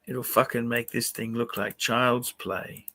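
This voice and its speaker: A man hosting a casual livestream, swearing constantly and getting excited as he chats. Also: mid-range voice, measured pace. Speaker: livestream host.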